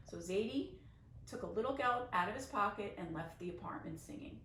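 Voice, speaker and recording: A woman's voice: medium pitch, expressive, brisk, creaky, a bit bright. Woman teacher reading a storybook aloud. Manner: chatty asides to kids, explains Yiddish words. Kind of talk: picture-book reading for children. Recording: roomy, distant mic, faint noise.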